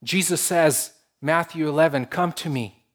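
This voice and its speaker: A man preaching a sermon to his congregation, earnest and warm in delivery, swinging between emphatic rises and soft, drawn-out lines. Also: fairly high pitch. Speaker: pastor.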